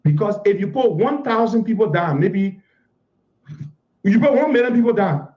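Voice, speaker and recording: A man's voice: sits high, animated, normal speed, darkish tone. A man, giving an impassioned public address full of repetition and rhetorical questions. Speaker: political figure. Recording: echoey, dull lo-fi clip.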